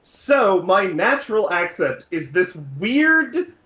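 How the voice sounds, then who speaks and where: A man from New England with a general American accent, chatting casually as a streamer, rambling and correcting himself often, quick to laugh. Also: high voice, very animated, bright, forceful tone. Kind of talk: casual chat while gaming. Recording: roomy echo with game music.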